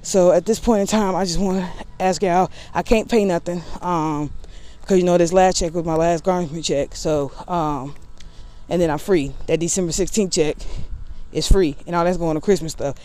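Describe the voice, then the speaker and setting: A woman's voice: fairly low pitch, steady tone, moderate pace, warm tone. A woman vlogger in casual talk to camera, candid and rambling with a sassy edge.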